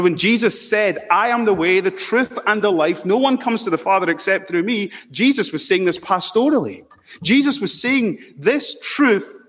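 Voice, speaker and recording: A man preaching an expository sermon as pastor, emphatic, slowing down to stress key words. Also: medium pitch. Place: church sanctuary. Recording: long reverb in a large hall.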